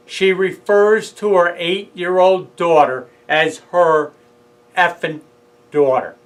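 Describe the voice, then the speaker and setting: A man's voice: a little high, fairly bright tone, low-quality recording. A man telling his own story in a casual monologue, rambling with asides and self-corrections. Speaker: father speaking out about his own court case.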